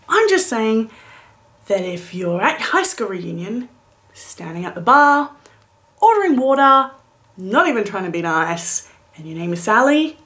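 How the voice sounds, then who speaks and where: Animated woman in her late twenties. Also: mid-range voice. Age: late 20s. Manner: animated and playful, with dramatic whispered asides. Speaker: vlogger. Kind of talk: comedic storytelling vlog.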